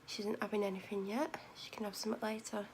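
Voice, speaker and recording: A tired woman meanders through a casual vlog chat, correcting herself and at times dropping almost to a whisper. She speaks quickly with fairly even intonation, her medium-pitched voice darkish, over slight background noise.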